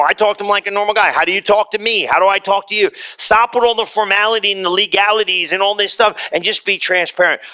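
A man preaches to a congregation with a high, bright voice. He talks to the room like a friend, shifting pitch and pace often as he makes his points. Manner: conversational preaching, wide swings in pitch and pace. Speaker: pastor. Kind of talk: sermon. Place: church hall before a congregation.

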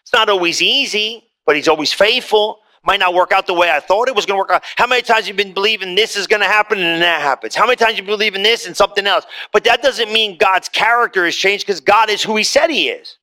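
A man preaching a sermon to a congregation in a conversational, animated way, swinging widely in pitch and pace. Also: fast talker, hardly any pauses. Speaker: pastor. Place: church hall before a congregation.

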